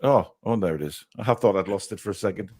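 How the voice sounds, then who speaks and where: A man's voice: lowish voice, fast, darkish tone. A man hosting a casual fan podcast, chatting and reacting with frequent filler words. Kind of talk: casual live-stream chat.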